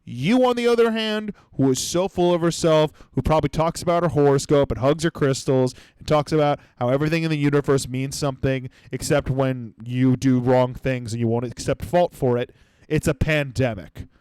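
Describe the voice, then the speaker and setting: A man's voice: mid-range voice, normal speed, a little mellow, clean tone, dry recording. A young adult man hosting a comedy podcast, ranting sarcastically with lots of swearing and mocking impressions. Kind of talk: comedic rant.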